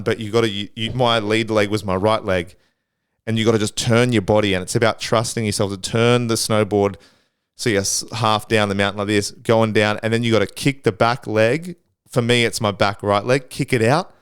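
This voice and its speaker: A man's voice: on the low side, fairly even intonation, normal speed, clear, resonant tone, no echo, studio quality. A young man telling a rambling, swear-filled story on his solo podcast, acting out his own panicked noises. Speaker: podcast host.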